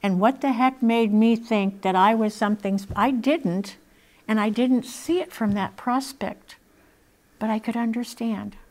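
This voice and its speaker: A woman's voice: fairly high pitch, a little slow, darkish tone. A woman sharing a personal testimony in an earnest, heartfelt storytelling manner. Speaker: speaker sharing her testimony.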